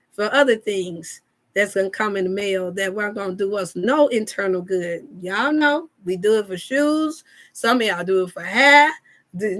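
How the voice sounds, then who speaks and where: A woman's voice: mid-range voice, a bit bright. A woman hosting a casual wellness live chat, talking to viewers in a folksy, preachy way. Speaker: wellness show host.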